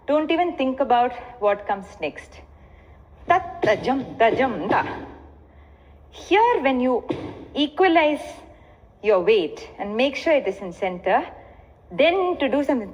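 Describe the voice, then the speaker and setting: An Indian-accented woman teaching a dance lesson, explaining steps and chanting rhythmic dance syllables in between. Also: a little high. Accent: Indian English. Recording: echoey hall, muffled lo-fi sound.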